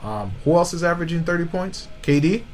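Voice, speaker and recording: A man's voice: on the high side, lively intonation, a little fast, a little mellow, a little hiss or hum, rough recording. A man co-hosting a podcast, arguing about basketball in casual slang and often saying "you know what I'm saying". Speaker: podcast co-host. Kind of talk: casual sports debate.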